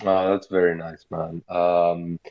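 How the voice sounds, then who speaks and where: A man's voice: low voice, little pitch movement, slow. A man hosting a live interview, asking brief, easygoing questions. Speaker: podcast host. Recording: muffled lo-fi audio.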